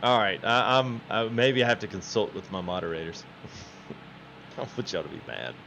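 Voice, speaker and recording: A man's voice: lowish voice, moderate pace, vocal fry, noisy background. A man hosting a game livestream, chatting casually, laughing often and quoting his viewers. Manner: laughing, chatty, quotes chat. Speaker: livestream host.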